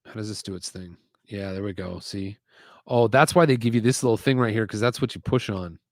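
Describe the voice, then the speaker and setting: A man's voice: on the low side, brisk, no echo. Chatty man on a live stream, dry sound. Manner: chatty, rambling, reads chat aloud. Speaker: live-stream host building toy sets. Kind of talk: casual live-stream chat. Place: home desk setup with screens.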